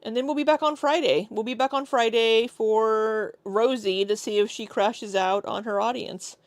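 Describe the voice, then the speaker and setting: A woman's voice: on the high side, steady tone, moderate pace, dry recording. An American woman chatting casually with her viewers on a live stream, laughing often and joking around. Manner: chatty, laughs often, tries out silly accents.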